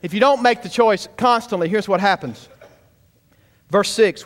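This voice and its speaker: A man's voice: sits high, moderate pace, pauses often. A man preaching a sermon, emphatic and calling out to his congregation in a church. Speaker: pastor. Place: church sanctuary.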